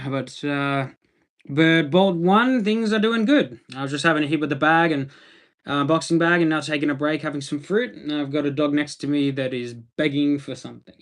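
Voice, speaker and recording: A man's voice: a little high, unhurried, long pauses, fairly bright tone. An Australian man chatting casually on a livestream, laid-back and rambling as he answers viewer comments.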